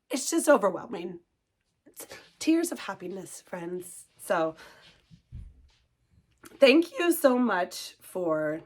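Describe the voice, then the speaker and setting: Emotional woman chatting about her hobby. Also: medium pitch. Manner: emotional, gushing, talks through tears. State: tearful, composing herself. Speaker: cross-stitch vlogger and shop owner. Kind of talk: casual chat to camera.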